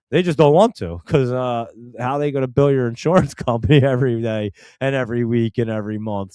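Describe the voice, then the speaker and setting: A male host talking in a loose, rambling way at a mid-range pitch, full of "uh" and "so, yeah." The sound is dry and close, with no room behind him. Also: a little mellow, dry recording. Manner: rambling, chatty, with many fillers and restarts. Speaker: stock market show host. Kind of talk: casual live-stream chat.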